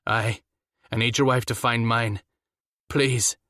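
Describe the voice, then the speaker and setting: A man's voice: medium pitch, fairly even intonation, takes it slowly, sharp tone, dry recording, clean studio sound. Man doing a frantic, shaky husband. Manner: shaky, breathless pleading.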